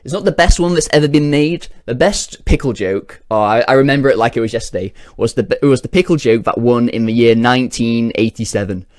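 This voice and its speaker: A man's voice: mid-range voice, a little fast, hardly any pauses, darkish tone, no echo, studio quality. A man telling crude jokes in a rambling, self-interrupting way. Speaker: comedian. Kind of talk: rambling comic joke-telling.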